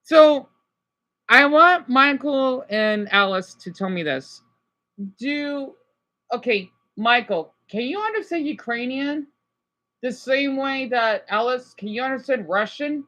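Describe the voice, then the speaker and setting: A chatty woman plays teacher to a pretend class and walks through language comparisons. Her voice sits a little high, and she talks eagerly, restarting and hedging as she goes. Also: lively intonation, slow pace, pushed and bright. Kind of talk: casual language lesson.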